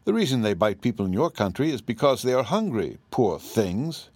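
A man reading an audiobook, voicing a kindly tin man emperor in a gentle, grave, measured way. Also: mid-range voice, very animated, slightly rough, no room sound, clean studio sound.

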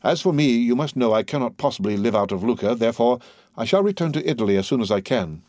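A man's voice: mid-range voice, expressive, quick pace, darkish tone, dry recording, clean studio sound, natural voice. A man reading aloud who voices a grave, stiffly dignified older father figure.

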